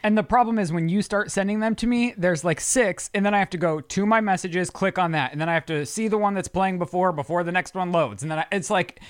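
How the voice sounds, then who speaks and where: A woman's voice: fairly low pitch, fast, hardly any pauses, dry recording. A woman co-hosting a podcast in casual chat, teasing in a dry way. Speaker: podcast co-host.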